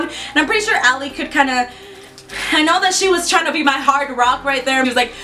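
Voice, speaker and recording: A young woman vlogger excitedly retelling a scary story, swearing freely and acting out the lines of the people in it. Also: high voice, fast talker. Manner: excitable, swears a lot, quotes herself and others in acted voices. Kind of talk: storytime vlog, casual retelling.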